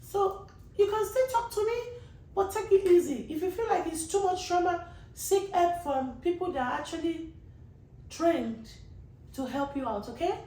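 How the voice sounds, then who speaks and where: A woman's voice: very high-pitched, normal speed, warm tone, echoey room, distant mic, rough recording. A woman podcast host, talking in a casual, rambling monologue and earnestly pleading with her listeners.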